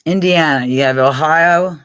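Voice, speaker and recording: A woman's voice: low-pitched, unhurried, fairly bright tone, clean tone, dry recording. An older woman from Pennsylvania hosting a casual live chat with her viewers, rambling, swearing freely and laughing often. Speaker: live stream host.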